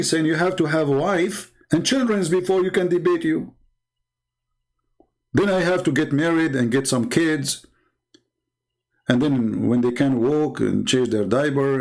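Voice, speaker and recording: A show host delivers a mocking, sarcastic monologue commentary packed with heated rhetorical questions. His voice is on the high side with a darkish tone.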